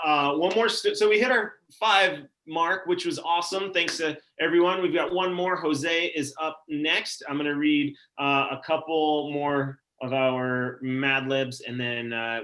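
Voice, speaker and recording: A man's voice: on the high side, steady tone, unhurried, few pauses, pushed and bright. A man in his forties hosting a live-streamed story event, upbeat and casual as he reads out audience comments. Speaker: event host.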